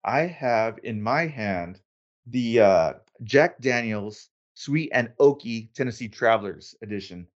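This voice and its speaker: A man's voice: medium pitch, a little slow, dull audio. Easygoing male podcast host. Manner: relaxed, self-deprecating, laughs easily. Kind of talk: casual chat.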